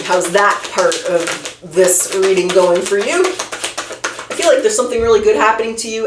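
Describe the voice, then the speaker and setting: A woman's voice: mid-range voice, echoey room, a little hiss or hum. A woman giving a casual tarot reading and talking straight to the viewer, often trailing off and restarting her sentences. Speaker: tarot reader.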